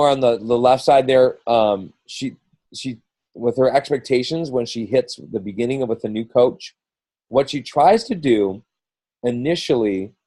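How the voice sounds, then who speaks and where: A middle-aged man talks through a team coaching call in a loose, rambling way, often restarting and slipping into quoted voices. His voice is mellow and dark, recorded close and dry with no room sound. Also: medium pitch, dry recording, rough recording. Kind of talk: casual coaching talk.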